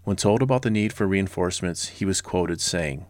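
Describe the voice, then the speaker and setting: Brief: a low-voiced man in his forties, a history podcast host, blunt and sarcastic, in a dry, close recording. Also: moderate pace, hardly any pauses, a little mellow, dry recording. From Southern California. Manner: sarcastic and blunt, with casual personal asides.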